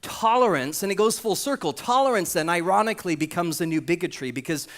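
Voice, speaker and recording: Male pastor, lively sermon voice, a bit high, dramatic storyteller. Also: brisk. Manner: animated storytelling, acts out quoted voices.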